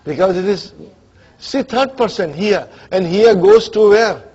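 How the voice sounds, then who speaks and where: A man's voice: high-pitched, animated, a little slow, a little mellow, husky. A man teaching an Arabic grammar class, quizzing students and checking they follow. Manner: mixes English with Arabic grammar terms. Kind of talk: classroom lecture. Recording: dull lo-fi classroom recording.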